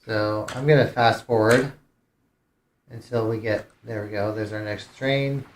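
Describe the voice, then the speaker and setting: Low-voiced man streaming a game. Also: steady tone, measured pace, echoey room, slight background noise. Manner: thinking aloud, hesitant with restarts. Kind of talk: casual gameplay commentary.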